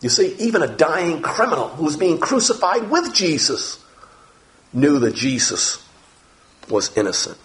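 Animated male preacher teaching scripture. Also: on the high side, a little slow. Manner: animated, reads scripture aloud and explains it. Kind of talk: Bible teaching.

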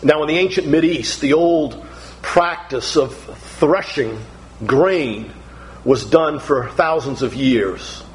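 A man's voice: fairly high pitch, slow, slight background noise, rough recording. A middle-aged man preaching a sermon, emphatic and building through repeated phrases.

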